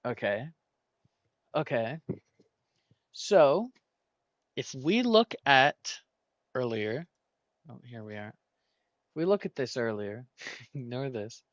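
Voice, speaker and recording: A man's voice: mid-range voice, dry recording, lo-fi sound. A man hosting a gaming video, thinking aloud and muttering guesses as he works through a word puzzle. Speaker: gaming channel host. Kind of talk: casual puzzle-solving commentary.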